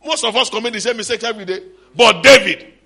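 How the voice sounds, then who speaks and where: At a church conference, a middle-aged man with a Nigerian accent preaches with gusto, occasionally shouting and adding asides in Yoruba. He talks fast, his high voice slightly rough and edged with vocal fry.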